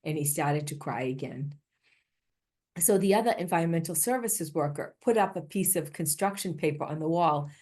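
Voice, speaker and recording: Older woman w/ a boston accent giving a keynote talk, lowish voice, tells stories earnestly, lots of restarts. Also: expressive, moderate pace, a little mellow. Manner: storytelling, earnest, with frequent restarts. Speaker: conference keynote speaker. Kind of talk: conference talk.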